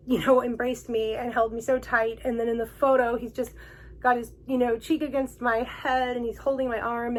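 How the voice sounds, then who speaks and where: A woman's voice: fairly high pitch, poor audio. Gushing, emotional woman vlogger. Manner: gushing and emotional, laughs often between words. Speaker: vlog host. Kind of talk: casual personal storytelling vlog.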